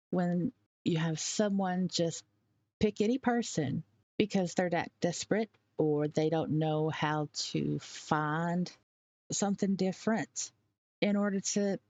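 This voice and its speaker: A woman giving blunt, opinionated commentary and stressing her points hard, with sharp rises on key words. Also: lowish voice, no room sound. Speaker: commentary vlogger.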